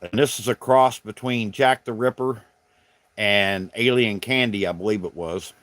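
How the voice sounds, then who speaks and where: A man's voice: on the low side, a little slow, fairly bright tone, dry recording. Folksy Southern man chatting on a livestream. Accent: Southern American. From South Carolina. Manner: folksy, drawling, rambling. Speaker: livestream host. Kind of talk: casual livestream chat greeting viewers.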